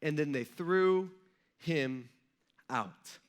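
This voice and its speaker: A man's voice: fairly high pitch, extremely slow, clear, resonant tone. A male pastor preaching a casual, conversational sermon, retelling a scripture story in everyday talk. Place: church.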